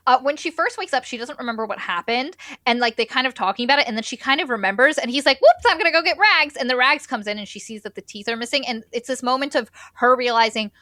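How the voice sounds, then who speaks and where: A young woman casually recapping a novel's plot as a podcast co-host, quickly acting out the characters' lines. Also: a little high, sharp tone, dry recording, clean studio sound. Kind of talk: casual book recap chat.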